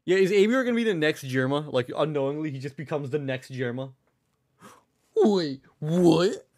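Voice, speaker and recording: A man's voice: a little high, quick pace. A young man livestreaming, rambling casually, restarting sentences and swearing freely. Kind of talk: casual live-stream chat.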